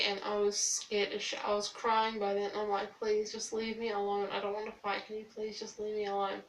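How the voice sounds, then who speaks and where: A young woman, quietly and hesitantly recounting a personal story with many fillers. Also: mid-range voice. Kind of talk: storytime vlog. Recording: distant mic in echoey room with faint hiss.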